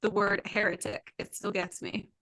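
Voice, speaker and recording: A woman hosting a book podcast, talking in a lively, opinionated way and laughing often. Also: mid-range voice, moderate pace, dry recording. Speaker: podcast host. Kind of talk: casual chat.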